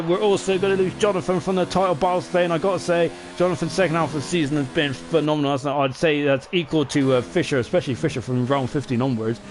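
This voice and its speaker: A fairly high-voiced man calling a sim race live, eager and chatty, tossing in tag questions and fillers as he goes. The faint game sound of the race sits behind his voice. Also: a little hiss or hum. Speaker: sim racing commentator. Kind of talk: live esports race commentary.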